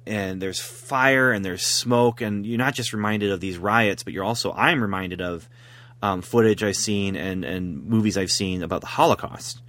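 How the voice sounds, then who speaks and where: A man's voice: lowish voice, normal speed, a bit bright, no echo. A man rambling through a story in casual chat as a podcast host, laughing at his own jokes.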